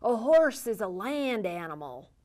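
A helpful little goldfish, as a woman puts it on, explains things plainly in a storybook reading. The voice is light and a touch high. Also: very animated, a little slow, dark tone. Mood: explaining.

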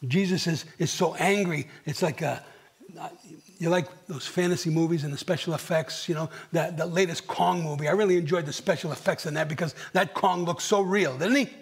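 A middle-aged male pastor preaching a sermon, swinging from near whispers to emphatic questions and clearing his throat often. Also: a little high, a little fast. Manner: dramatic, dropping to near whispers and rising for emphasis; asks the congregation rhetorical questions. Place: church.

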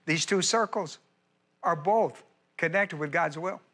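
A man's voice: on the high side, unhurried, bright, forceful tone. A male pastor teaching a Bible lesson verse by verse, emphatic and repeating key phrases as he quizzes his listeners.

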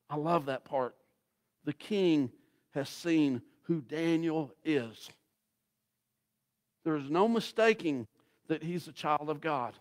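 A man preaching a sermon as guest pastor, telling the story in a folksy, dramatic way that swings from loud to hushed. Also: fairly high pitch, animated, slow pace, long pauses.

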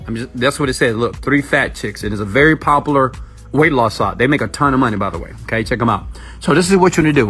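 A man walking viewers through a website on screen, pushing and hyped, checking in with "okay?" after almost every point. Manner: pitch jumps up sharply when excited. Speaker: online marketing mentor. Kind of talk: screen-share tutorial, live-stream style.

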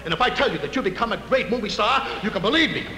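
A man playing a boastful talent scout who makes a pushy, salesy pitch in a fairly high voice. It comes from an old, hissy television recording with a roomy echo. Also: lively intonation, racing, pushed and bright, exaggerated voice. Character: boastful fast-talking male talent scout. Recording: hissy echoey early TV kinescope.

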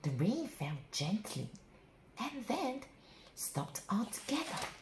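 A woman reading a children's bedtime story aloud in an expressive, sing-song way. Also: fairly high pitch, takes it slowly, roomy sound, noisy background.

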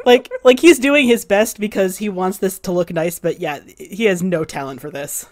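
A woman's voice: medium pitch, normal speed. Casual woman narrating a tabletop game. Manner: casual and joking. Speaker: player.

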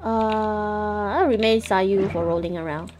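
A woman's voice: medium pitch, fairly even intonation, slow pace, a little mellow. A young woman streaming a game, chatting casually in a playful, giggly way with squeals and silly sound effects.

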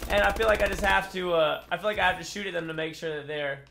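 A young man giving excitable, trash-talking commentary over his own gameplay, often laughing. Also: sits high, quick pace, creaky, slight background noise. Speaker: gaming YouTuber.

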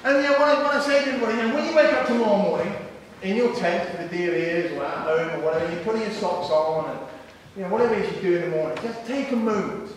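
A man's voice: sits high, rapid-fire, a little hiss or hum. A middle-aged man giving a public talk, telling a story with jokes and acting out the people in it. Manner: animated, jokey, acts out the people in his stories. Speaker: guest speaker. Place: large school hall. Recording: echoey hall recorded from far off.

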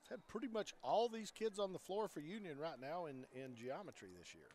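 A man calling a local high school girls' basketball game play by play, folksy, with small jokes between the plays. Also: a little fast, a little hiss or hum. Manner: folksy and joking, animated with scores. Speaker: play-by-play commentator.

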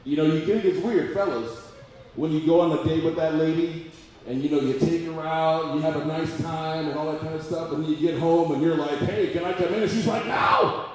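A man in his forties doing a loud, profane stand-up comedy routine at a live venue. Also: a little high, fairly even intonation, fairly quick. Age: 40s. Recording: echoey room, mic far off, audience noise.

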